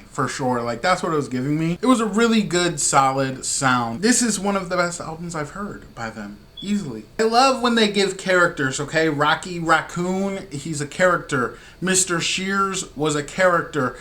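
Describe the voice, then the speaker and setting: A man hosting a music reaction video, talking in an excitable, slangy, gushing way. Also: fairly high pitch. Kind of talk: casual reaction commentary.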